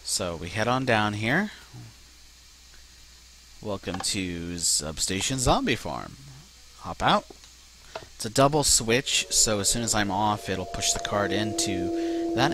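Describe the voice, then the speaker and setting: A man's voice: lowish voice, background noise. A man commenting casually on his own gameplay as a let's play host, swearing often when things go wrong. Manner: swears a lot, frustrated outbursts.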